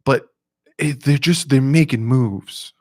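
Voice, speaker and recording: Excitable man hosting a fan live stream. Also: medium pitch, dry recording, studio quality. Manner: excitable, fast-talking, repeats himself, reads chat aloud.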